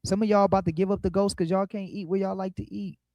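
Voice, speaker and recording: A man's voice: level tone, creaky, darkish tone, no echo, lo-fi sound. A man preaching in an emphatic, rhythmic way, drawing lessons from scripture. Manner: emphatic, rhythmic, dips low and slow to stress. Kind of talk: sermon, Bible study commentary.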